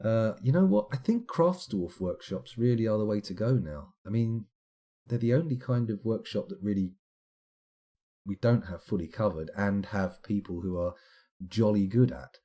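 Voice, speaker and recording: A man's voice: lowish voice, expressive, moderate pace, mellow. A middle-aged British man streaming a game live, chatting in a rambling, self-deprecating way as he plays and reads out comments.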